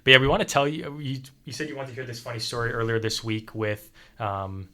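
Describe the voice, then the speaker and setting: A young man hosting a casual studio chat, relaxed and conversational. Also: medium pitch, brisk. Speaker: host.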